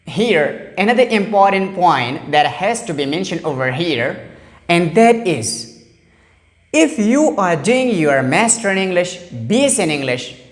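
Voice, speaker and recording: Low-voiced woman teaching in a hall. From Pakistan. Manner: measured, emphatic, repeats key points. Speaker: English teacher. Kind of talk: lecture to camera.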